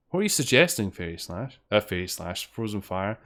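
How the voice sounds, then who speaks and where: Chatty man, low-ish voice. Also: big pitch swings, brisk, hardly any pauses, fairly bright tone. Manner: rambling, chatty, swears when frustrated. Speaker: streamer playing fangames. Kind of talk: casual gameplay commentary.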